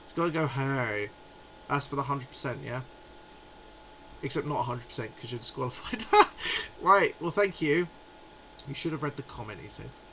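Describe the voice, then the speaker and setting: A man's voice: mid-range voice, normal speed, pauses often, pushed and bright, a little hiss or hum, poor audio. Chatty man in his forties. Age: 40s. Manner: chatty and rambling, amused. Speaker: livestream host. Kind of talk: casual live chat.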